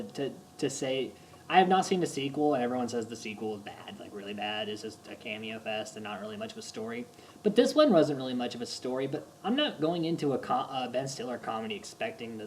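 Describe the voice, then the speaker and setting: A man giving a casual, rambling movie review, full of fillers and quick impressions. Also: medium pitch, a little hiss or hum, rough recording. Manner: rambling and chatty, lots of fillers, breaks into impressions.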